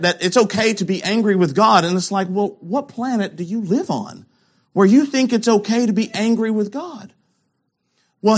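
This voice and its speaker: A man preaching with a notably high voice. He leans hard on key words and asks pointed rhetorical questions. He drops to hushed lows before rising again. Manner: emphatic, rhetorical questions, swings between loud and hushed. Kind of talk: sermon.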